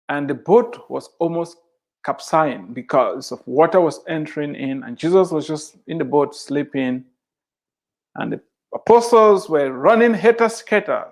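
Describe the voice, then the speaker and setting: A man's voice: fairly high pitch, a little mellow. A middle-aged man giving a devotional sermon, speaking emphatically and repeating scripture lines for emphasis. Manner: slow, emphatic preaching with drawn-out phrases. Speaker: Christian author and speaker.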